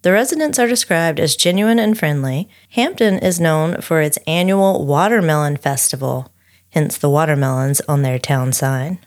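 Low-voiced woman narrating true crime. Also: moderate pace. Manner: steady storyteller reading researched notes, chatty asides. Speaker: podcast co-host.

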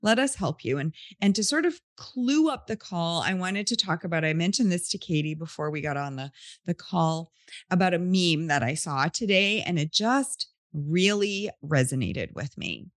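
A woman's voice: on the low side, expressive, moderate pace, no echo, clean studio sound. A woman podcast host telling a story in an earnest, heartfelt, casual way.

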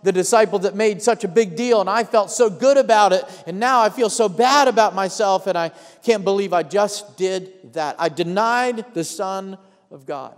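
A man's voice: high voice, moderate pace, long reverb tail, lightly acted. A man voicing a frightened adult male disciple who keeps insisting, in a flustered rush, that he does not know his teacher. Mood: anguished remorse.

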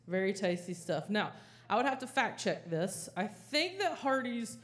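A woman stand-up comedian, telling a story on a comedy club stage with lively, frantic acted-out panic. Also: mid-range voice, normal speed. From American South. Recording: audible live crowd ambience.

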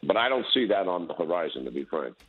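A man, a military general, giving a measured, firm interview as a guest on a call-in. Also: deep voice, big pitch swings, slightly rough. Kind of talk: phone interview. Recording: tinny phone line.

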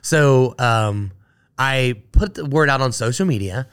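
Man, guest on a chat show, mid-pitched voice, rambling storyteller, lots of asides. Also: measured pace, clear, resonant tone. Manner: rambling, full of asides and acted-out quotes. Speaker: guest, brewer.

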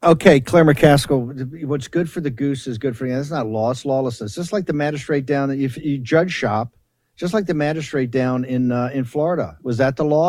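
A man's voice: mid-range voice, moderate pace, a little mellow, no echo. A man hosting a political talk show, delivering combative commentary in a fiery, taunting, emphatic way with repeated rallying phrases into a studio microphone.

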